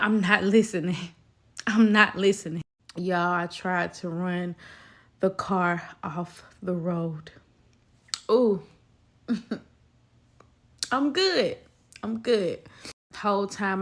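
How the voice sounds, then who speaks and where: A woman recounts her own story to the camera, speaking to viewers directly and emphatically. Her voice is bright and edged, and she takes her time over each phrase. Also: mid-range voice. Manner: emphatic, talks straight to viewers, acts out quoted voices. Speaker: vlogger telling a personal story. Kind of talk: casual storytime.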